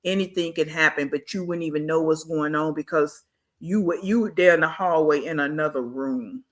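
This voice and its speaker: A stream host talks straight to the camera in a casual, slangy way. The voice sits at a middle pitch and drives point after point with blunt, scolding rhetorical questions. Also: normal speed. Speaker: reaction channel host. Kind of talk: casual commentary. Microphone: streaming setup mic.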